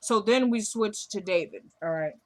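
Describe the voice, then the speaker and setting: A woman sits down to recap a TV episode for her viewers in a relaxed, gossipy way. She tells each scene as a chain of "he's like" and "she goes" in an ordinary mid-range voice. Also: mid-range voice, moderate pace. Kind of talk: casual recap vlog.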